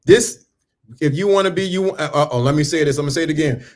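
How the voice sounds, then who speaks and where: A blunt man in his fifties speaking hosts his own channel and lectures in a preachy, repetitive way. He mocks the people he is turning away and keeps circling back to the same lines. His voice sits a little high for a man. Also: quick pace. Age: 50s. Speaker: channel host. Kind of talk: blunt motivational monologue.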